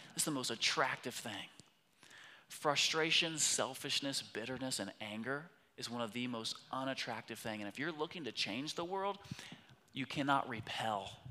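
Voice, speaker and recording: Impassioned preacher in a big reverberant hall. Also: male voice, medium pitch. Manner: impassioned, swings from loud emphatic peaks to hushed whispers. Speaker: pastor. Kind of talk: sermon.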